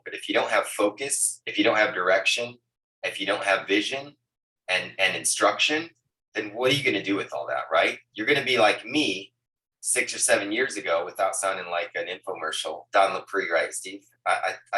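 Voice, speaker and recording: Casting: energetic male agency leader, low bright voice, heard at some distance on a call. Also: a little fast, roomy sound. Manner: energetic, repeats words, asks "right, guys?". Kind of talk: motivational team huddle. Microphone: Bluetooth earbuds on a video call.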